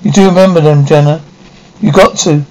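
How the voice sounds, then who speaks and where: An actress plays a middle-aged mother who clings to her family, her voice gentle and pleading. The performance carries the theatrical polish of late-1950s television drama. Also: low-pitched, fairly quick, close to an everyday voice, rough recording. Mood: anxious. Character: doting, anxious mother.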